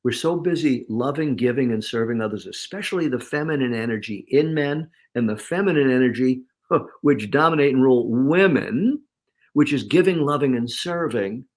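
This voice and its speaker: Animated man telling stories in quotes. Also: medium pitch, moderate pace. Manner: animated, acts out inner voices in quotes. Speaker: guest. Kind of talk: casual interview talk.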